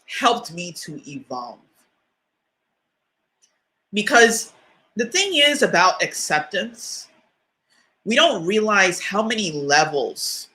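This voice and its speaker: A woman with a mid-range voice, bright and forceful, shares a personal story during a livestream. Candid and chatty, she speaks to listeners directly, her emotion spilling into both near-tears and laughter.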